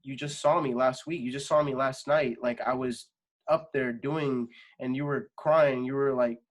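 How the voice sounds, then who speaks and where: A man's voice: medium pitch, fairly even intonation, moderate pace. A young adult man, a singer guest on a podcast, talking casually and rambling with lots of fillers and swearing. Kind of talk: casual interview chat.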